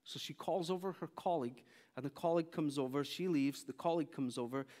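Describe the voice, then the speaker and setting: A man's voice: on the high side, fairly quick, in a large hall. A man preaching a sermon, telling stories and acting out the people in them. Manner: animated storyteller, acting out quoted speech. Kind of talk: sermon with storytelling. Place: large church hall.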